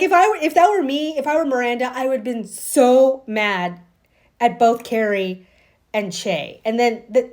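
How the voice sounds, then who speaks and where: High-voiced indignant woman vlogger. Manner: indignant, emphatic, animated reenactments. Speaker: TV commentary vlogger. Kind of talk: casual opinion vlog.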